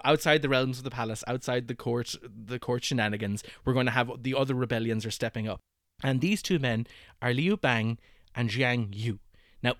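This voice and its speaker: A man tells history in casual podcast chat, laughing often and slipping into quick voices for the people in the story. His voice sits at a middling pitch and sounds dry and close to the mic. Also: no echo. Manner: animated, laughs often, acts out quotes. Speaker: podcast host telling history.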